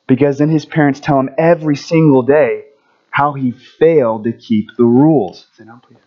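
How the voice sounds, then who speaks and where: A man giving a children's story at a church service, friendly and animated, asking the kids questions as he goes. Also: mid-range voice, normal speed, dull audio.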